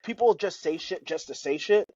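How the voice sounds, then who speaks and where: Husky, high-voiced man in casual chat. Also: expressive, moderate pace, a little mellow, no echo, dull audio. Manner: rambling, profane, trails off mid-thought. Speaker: podcast co-host.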